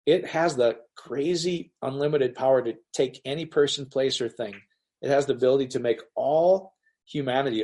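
Animated man teaching scripture casually. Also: mid-range voice, husky. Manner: animated, acts out quoted voices. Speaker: pastor. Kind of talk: casual online Bible teaching.

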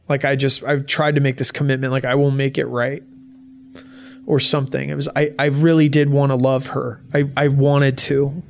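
Gravelly man telling a painful story. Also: mid-range voice, a little mellow. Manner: halting, emotional storytelling with many restarts. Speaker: guest speaker. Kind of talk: personal testimony to a live audience.

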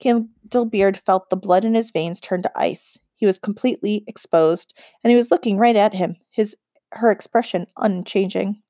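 A woman's voice: medium pitch, dark tone, dry recording. Woman narrating a storybook, dry sound. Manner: measured storytelling reading. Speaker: audiobook narrator. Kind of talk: scripted narration.

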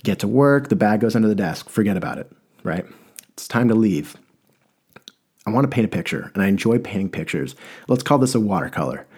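A young man telling a rambling comic story in a deadpan way, stammering and restarting often. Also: fairly low pitch, fairly quick, slightly rough.

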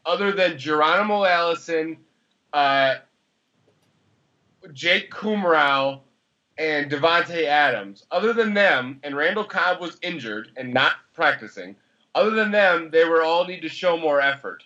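Fired-up male podcast co-host, bright voice. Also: a little high, animated, muffled recording. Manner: fired up, swearing, talks fast in bursts. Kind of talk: casual sports chat.

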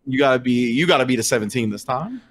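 A man's voice: mid-range voice, animated, fast, a crowd in the background. A man narrating a tabletop game as game master, rambling with lots of fillers.

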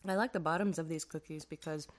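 A woman co-hosting a casual podcast chat, playful and giggly, with quick comebacks. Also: sits low, steady tone. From Indiana. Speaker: podcast co-host.

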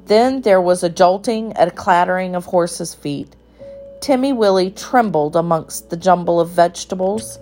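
A woman reading a children's story aloud in a calm, even storytelling manner. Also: lowish voice, moderate pace, soft background music.

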